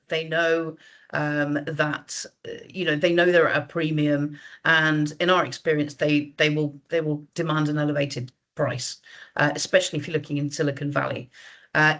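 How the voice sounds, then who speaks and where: A woman's voice: sits low, fairly even intonation, moderate pace, fairly bright tone. A woman presenting on a video call webinar, talking in a conversational way with frequent fillers and restarts. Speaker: guest speaker.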